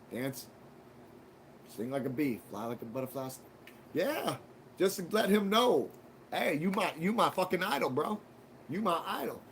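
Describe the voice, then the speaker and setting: Male livestream host, somewhat high voice, casual profane rambler. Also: slight background noise. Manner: rambling, crude and joking, heavy swearing.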